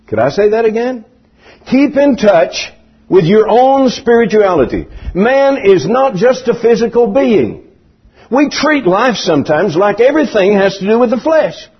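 A man's voice: husky, muffled recording. An older man, preaching a sermon in a folksy storytelling way. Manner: folksy storytelling preaching with big pitch swings.

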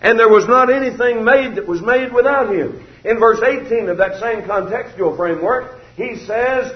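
High-voiced preacher in a roomy hall. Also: male voice, moderate pace, hardly any pauses. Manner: emphatic, formal preaching cadence with scripture quotes. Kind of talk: sermon. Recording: roomy, slightly dull recording.

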